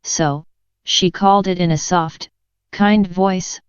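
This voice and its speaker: A woman narrating a children's audiobook in a gentle, measured storytelling manner. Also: on the low side, steady tone, clean tone, no room sound. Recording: dull lo-fi dry recording.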